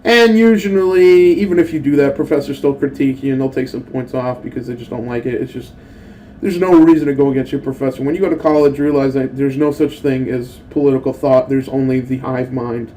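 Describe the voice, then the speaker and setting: A young adult man hosts a gaming channel, rambling and swearing through casual gameplay commentary as he tells stories between moves, acting out quotes with excitement. His medium-pitched voice is fairly quick, on a rough recording with slight background noise.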